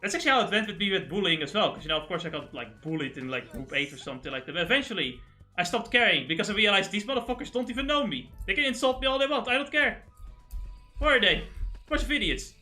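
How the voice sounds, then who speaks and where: A man's voice: sits high, animated, quick pace, sharp tone, soft background music. A man hosting a livestream in casual chat, ranting animatedly and swearing freely. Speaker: streamer host.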